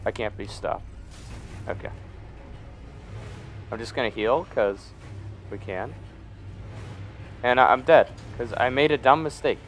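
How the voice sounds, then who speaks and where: A man's voice: medium pitch, measured pace, long pauses, soft background music. A man giving gameplay commentary, muttering in frustration and mocking himself, sleepy. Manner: self-deprecating, frustrated muttering. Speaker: gamer.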